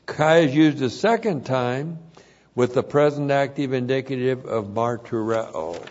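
Man, Bible teacher, expository teaching, very slow pace, repeats words for emphasis, muffled lo-fi recording. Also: mid-range voice, darkish tone.

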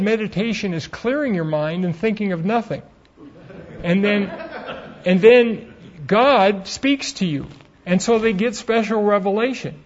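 A man giving a theology lecture in an earnest, explanatory way, weaving in personal stories. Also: sits high. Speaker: Bible teacher. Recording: dull lo-fi recording.

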